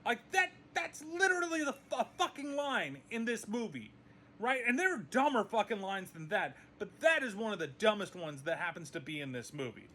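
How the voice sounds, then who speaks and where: A man's voice: sits high, sing-song, moderate pace, sharp tone, a little hiss or hum. A man reviewing a movie in a casual video, ranting with exasperation and frequent swearing.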